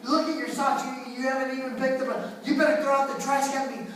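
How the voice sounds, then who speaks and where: A man voicing a scolding parent who yells repetitive commands at a child, recorded in an echoey hall from far off. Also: extremely high pitch, little pitch movement, a little fast, a crowd in the background. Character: scolding nagging parent, middle-aged.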